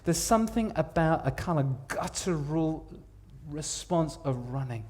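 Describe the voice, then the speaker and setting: With a fairly high pitch and an animated delivery, a man preaches in a church at a slightly slow pace. He tells the story dramatically, moving from hushed to loud and repeating words for emphasis.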